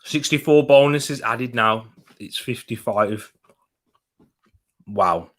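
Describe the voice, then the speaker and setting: A man's voice: mid-range voice, takes it slowly, a bit bright. Chatty young man streaming. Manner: chatty, laughs often, talks while eating. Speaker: football watch-along host. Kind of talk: casual live-stream chat reading comments.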